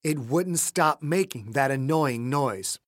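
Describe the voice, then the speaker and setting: A man narrating his own thriller audiobook in a dramatic scripted style, shifting between hushed lines and shouted dialogue, recorded on a close studio mic. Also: mid-range voice, animated, slow, music in the background. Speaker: author and narrator.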